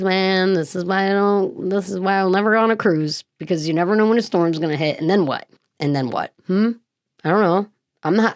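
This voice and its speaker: Woman, low pitched, podcast host, reads script, jokey asides, animated, self-interrupting, dry close mic. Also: dry recording. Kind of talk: reading a script with casual chat asides.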